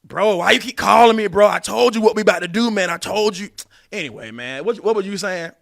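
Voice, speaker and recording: A man's voice: lowish voice, fairly even intonation, quick pace, fairly bright tone. A man acting out a boastful young man who keeps taking his phone out on a first date and snaps at a caller. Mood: irritated.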